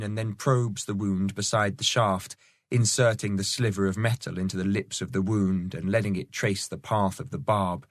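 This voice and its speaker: A man reading a novel aloud as the audiobook narrator, in measured storytelling. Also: lowish voice, no echo, studio quality. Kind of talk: scripted narration.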